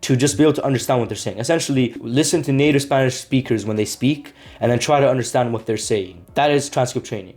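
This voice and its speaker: A man's voice: medium pitch, darkish tone. A man vlogging to camera in a casual, rambling way, often restarting words mid-sentence. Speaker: language-learning vlogger.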